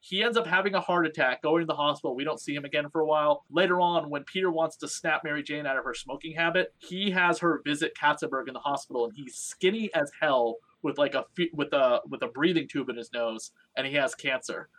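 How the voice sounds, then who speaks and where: Bright-voiced man hosting a podcast. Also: on the high side, quick pace, few pauses. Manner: rambling, storytelling with acted-out quotes. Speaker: podcast host. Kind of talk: casual comic book podcast chat.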